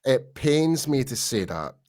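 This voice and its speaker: A man's voice: medium pitch, big pitch swings, a little slow, a little mellow, no echo, clean studio sound. A man co-hosting a sports podcast in casual chat, chatty and self-deprecating, laughing easily. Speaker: podcast co-host.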